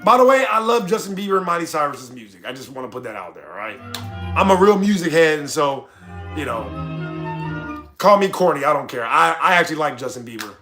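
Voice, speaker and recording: A young American man streaming casually, reading chat and ranting loudly with plenty of cussing. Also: fairly high pitch, fairly quick, music in the background. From United States. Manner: loud, animated, cussing rants. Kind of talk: casual livestream commentary.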